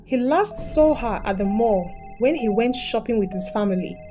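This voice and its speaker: A woman's voice: on the high side, moderate pace. Woman narrating a dramatic folktale. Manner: steady, dramatic storytelling. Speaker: storyteller. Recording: background music.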